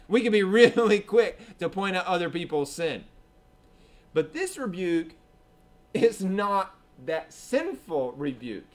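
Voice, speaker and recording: A man's voice: high voice, big pitch swings, takes it slowly. A man preaching a sermon in church, talking conversationally, acting out what people say and checking in with "right?". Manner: conversational preaching, acts out quoted voices, asks "right?".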